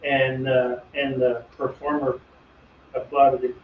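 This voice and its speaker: A man's voice: medium pitch, little pitch movement, slow pace. A middle-aged man hosting a woodworking video, chatting casually and telling rambling, self-deprecating stories while he works. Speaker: woodworking channel host. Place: home workshop. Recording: distant, echoey, dull workshop audio with faint hum.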